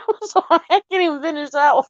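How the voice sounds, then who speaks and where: A woman's voice: high-pitched, a little fast, dry recording. A woman vlogging casually at home, breaking into belly laughs between phrases and swearing freely. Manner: swears freely and says "Lord have mercy" often. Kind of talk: casual live chat to viewers. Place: at home, near her mother's room. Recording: dull lo-fi audio.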